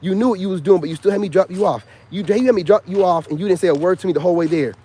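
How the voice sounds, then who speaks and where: A man's voice: high voice, racing, warm tone, breathy edge. A man in his thirties talking in a casual vlog monologue, emphatic and repetitive with a slangy delivery. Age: 30s. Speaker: YouTuber.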